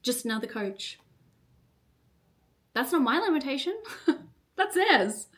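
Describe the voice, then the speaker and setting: A young woman hosts a solo coaching podcast with a fiery, unfiltered delivery. Her voice sits a little high. She swears freely and strings her sentences together with "like". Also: very animated, fairly bright tone. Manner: fiery, swears often, fast fillers with "like". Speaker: podcast host and business coach. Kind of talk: solo motivational podcast monologue.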